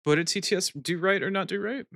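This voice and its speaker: A man's voice: sits high, fast, vocal fry, fairly bright tone, dry recording, clean studio sound. A young American man chatting casually on a live stream, reading chat aloud and laughing often.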